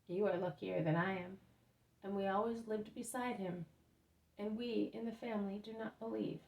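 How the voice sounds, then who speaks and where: A woman voicing a rueful, gentle man speaking of his family, in a storybook reading. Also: medium pitch, fairly even intonation, moderate pace, creaky, natural voice. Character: wistful man, doubting family left behind. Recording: roomy echo, mic at a distance.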